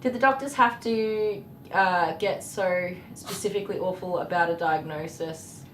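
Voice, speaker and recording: A woman's voice: a little slow, fairly bright tone. Chatty woman in an echoey room. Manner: chatty, frequent ums, openly emotional. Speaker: livestream host answering viewer questions. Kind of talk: casual livestream chat. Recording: echoey room with faint rumble.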